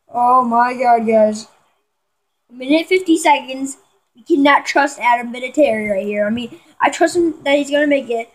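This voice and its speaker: A woman giving excitable live commentary on a football video game, talking to her viewers and yelling at big plays. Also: a little high, rough recording. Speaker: gamer.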